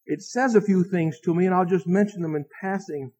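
A man preaching an evening sermon as pastor, earnest, with rising emphasis and dramatic pauses. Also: sits high, darkish tone, slightly rough, poor audio.

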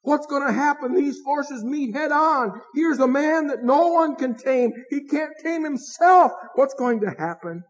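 A man preaching an evening sermon as pastor, earnest, with rising emphasis and dramatic pauses. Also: very high-pitched, animated, poor audio.

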